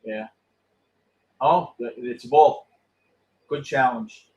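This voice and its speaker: Hosting a postgame show, this middle-aged man talks loosely to his audience, cursing often as he reacts bluntly and excitedly to a game in progress. He speaks very slowly in a mid-range voice, and the high frequencies are cut off.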